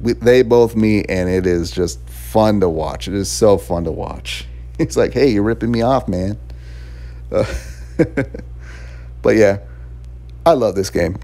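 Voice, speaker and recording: A man's voice: deep voice, takes it slowly, pauses often, mellow. A man giving a casual, rambling spoken review of a video game, chuckling often between thoughts. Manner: rambling and chatty, laughs often, fillers and restarts.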